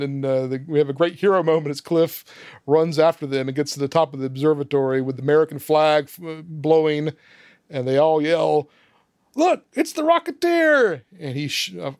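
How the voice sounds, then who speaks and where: A man talks through a film's plot step by step, chuckling as he goes. His voice sits fairly high. The sound is dry and close. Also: a little mellow, smooth, no room sound. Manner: walks through the plot step by step, laughing often. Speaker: podcast host recapping a film. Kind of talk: casual film discussion.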